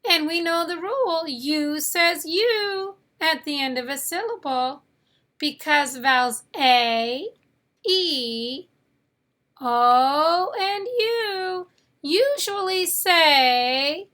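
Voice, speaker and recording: Slow, bright-voiced woman teaching phonics. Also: high-pitched, big pitch swings. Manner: slow, deliberate, drills sounds and asks the learner to repeat. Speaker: English teacher. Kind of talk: phonics lesson.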